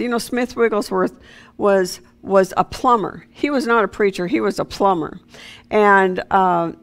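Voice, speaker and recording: A woman's voice: mid-range voice, gravelly. A woman preaching an informal sermon, talking conversationally with many fillers and restarts.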